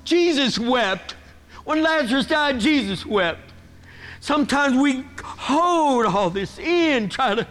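A middle-aged man preaching in a church sanctuary, his voice sitting high for a man. He talks slowly and deliberately, earnest and emotional, pushing harder when moved. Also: lively intonation, a bit bright. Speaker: guest preacher. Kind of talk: sermon.

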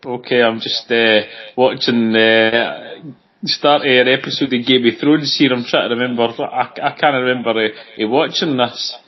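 A man's voice: mid-range voice, steady tone, normal speed. A Scottish man co-hosting a football podcast, teasing his partner and laughing often. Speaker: podcast co-host. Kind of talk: casual football podcast banter. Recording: dull lo-fi audio.

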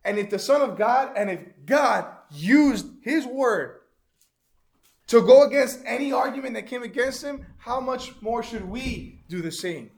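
A man's voice: extremely high pitch, animated, a little slow, gravelly. A man teaching an interactive Bible lesson, asking the class questions and repeating their answers.

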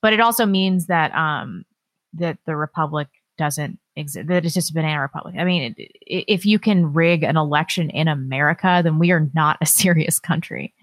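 A woman co-hosts a casual talk show, reading donation messages aloud with quick laughs in between. Her voice sits lowish and is getting a little hoarse. The sound is dry, with no room around it. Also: dry recording. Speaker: co-host.

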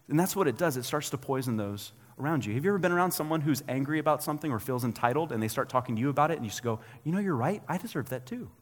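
A pastor in his thirties preaches a sermon in a conversational style, acting out quotes with animation. His mid-range voice sounds like it's in a big room.

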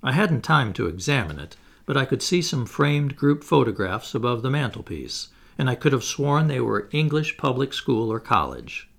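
A man reading a classic novel aloud as a first-person audiobook narrator, measured. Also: medium pitch, big pitch swings, creaky, fairly bright tone.

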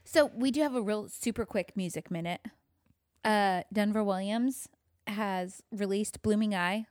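A woman's voice: medium pitch, a little slow, no echo, studio quality. A woman co-hosting a casual podcast, chatting and giggling through her stories. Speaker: podcast co-host. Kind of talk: casual chat.

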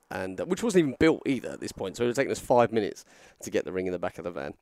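Male podcast storyteller, animated, acts out voices; dry close-mic sound. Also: lowish voice, fast talker, few pauses, no echo. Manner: animated storyteller, acts out quotes, frequent fillers and restarts. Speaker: podcast co-host telling a story. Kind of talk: casual storytelling chat.

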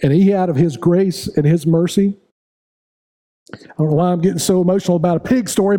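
A man's voice: sits high, fairly quick, pauses often, warm tone. A middle-aged man preaching a sermon as pastor, building to raised, repetitive appeals to his congregation. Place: church sanctuary.

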